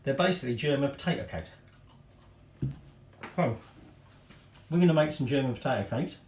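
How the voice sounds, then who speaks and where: In his home kitchen, a middle-aged Englishman hosts a cooking demonstration, chatting casually and rambling with self-deprecating asides. His medium-pitched voice is a little mellow and moves at normal speed. The sound is roomy, with slight background noise.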